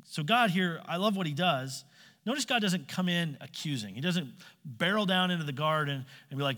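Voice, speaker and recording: Male pastor, sermon delivery, bright tone, reverberant hall. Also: fairly high pitch, animated, normal speed. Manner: acts out quoted voices, direct questions to listeners.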